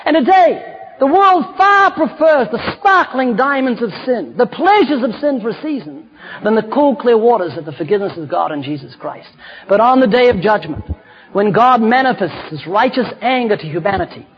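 A man with a fairly high, husky voice preaches with fervour, his lines rising to loud, shouted emphasis. The recording sounds somewhat muffled and dull. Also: lively intonation, moderate pace. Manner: fervent, rising to shouts on key points. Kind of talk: sermon.

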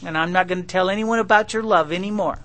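A sulky, anguished young prophet pours out his complaint in a high, bright, ringing voice, as a preacher acts him out. He pleads and protests with emphatic, exasperated force. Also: quick pace.

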